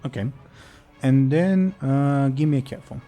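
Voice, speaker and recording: A man narrating as game master of a tabletop game, pausing on fillers as he describes scenes. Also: mid-range voice, over music.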